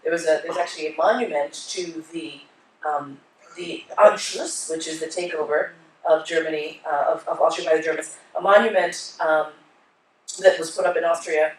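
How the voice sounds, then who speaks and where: A woman's voice: low-pitched, moderate pace. A woman giving a conference keynote, telling stories animatedly and acting out voices. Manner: animated storyteller, acts out voices. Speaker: keynote speaker. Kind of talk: onstage conversation with audience. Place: conference hall. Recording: echoey hall from far off.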